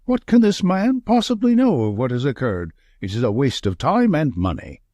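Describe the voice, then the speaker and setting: A man's voice: medium pitch, big pitch swings, normal speed, warm tone, dry recording, voice pushed up. A man voicing a worried, sullen old man who protests fretfully.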